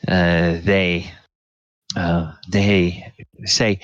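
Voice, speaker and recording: A man narrating a tabletop game as game master, in slow, halting speech full of fillers. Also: low-pitched, fairly even intonation, fairly bright tone, no room sound. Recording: dull lo-fi dry recording.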